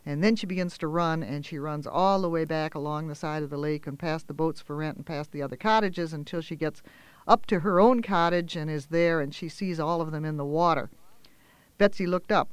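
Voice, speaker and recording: A man telling a children's story aloud in a gentle, expressive way, with small pauses and fillers. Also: fairly high pitch, clear, resonant tone, dry recording.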